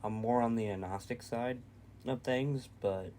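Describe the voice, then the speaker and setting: A man's voice: mid-range voice, measured pace, dark tone, a little hiss or hum. A man co-hosting a reaction video in casual chat, blunt and opinionated, swearing freely.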